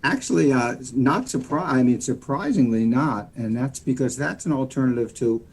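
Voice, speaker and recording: In a casual podcast interview, an American mortgage lender explains loans, rambling folksily and leaning on "you know." His animated voice is medium-pitched, darkish, and husky, at a moderate pace.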